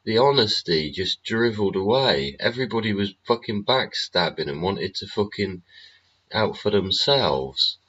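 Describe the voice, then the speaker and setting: A man's voice: on the low side, expressive, unhurried, bright, forceful tone, husky. A middle-aged man hosting a livestream, rambling and swearing through a profane monologue full of tag questions. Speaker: livestream host. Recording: muffled lo-fi stream audio.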